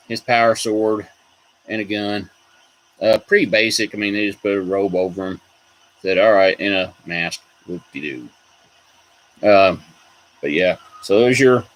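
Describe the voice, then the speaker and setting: This toy collector's voice sits in the mid range, captured with poor audio. He hosts a laid-back video, going on about collectible figures and reacting to what viewers have commented.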